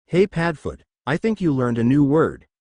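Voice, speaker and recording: A man's voice: fairly high pitch, very animated, moderate pace, darkish tone, dry recording. A man reading aloud and voicing a playful, mischievous young father in a storybook reading. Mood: cheerful. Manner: pleading, playful.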